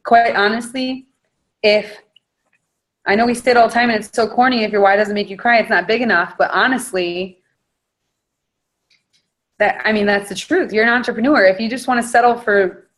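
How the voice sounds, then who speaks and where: A woman's voice: mid-range voice, normal speed, long pauses, a bit bright. Blunt, fired-up woman coaching on a call. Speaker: network marketing leader. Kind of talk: motivational talk on a video call. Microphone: video call.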